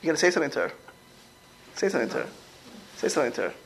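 A male rabbi leading an informal class, his pitch leaping up and down as he talks. He often repeats himself and slips into little acted-out quotes, pressing his listeners with questions. There is a faint hiss behind him. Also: rapid-fire, creaky, poor audio. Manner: animated, repeats words, acts out quoted speech.

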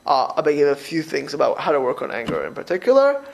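A rabbi gives a loose, informal talk, his voice sitting high and edged with a gravelly fry. He rambles and restarts, repeats phrases and tumbles into animated anecdotes. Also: fast talker, noisy background.

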